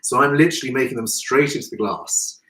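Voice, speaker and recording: A man's voice: medium pitch, quick pace, fairly bright tone, reverberant, distant mic, low-quality recording. A man hosting a live chat while making a cocktail, chatty and effusive. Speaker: host.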